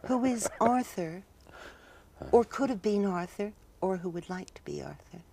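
A woman interviewing an actor on television, asking brisk, probing questions. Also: mid-range voice, animated, creaky, crowd noise. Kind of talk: broadcast interview. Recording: TV studio interview from 1983.

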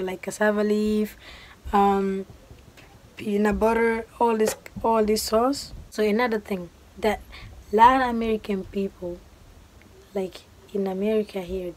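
A woman's voice: medium pitch, poor audio. A woman in her twenties from Guinea, chatting casually to camera and acting out the exchanges she tells about. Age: 20s. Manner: animated storytelling, acting out quoted exchanges. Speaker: vlogger. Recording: faint background noise.

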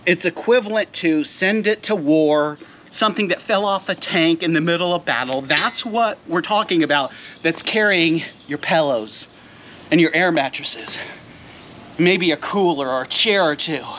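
A middle-aged man with a high, bright, ringing voice runs a playful product vlog, hyping the gear and talking right to the viewers. He is outdoors beside a car, picked up by the camera mic. A faint hiss sits under his voice. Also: a little slow. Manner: playful hype, talks straight to viewers. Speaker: vlogger reviewing gear. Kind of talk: jokey product unboxing vlog.

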